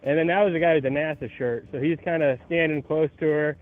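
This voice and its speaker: A man's voice: a little high, fast talker, faint music behind. Chatty man calling in on a tinny phone line. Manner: animated, acts out the voices of people in his story. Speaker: caller. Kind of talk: casual phone-in storytelling. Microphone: phone call.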